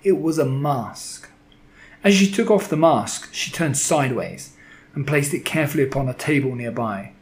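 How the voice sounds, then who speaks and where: Man, children's storybook narrator, mid pitch, dramatic expressive reading. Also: normal speed.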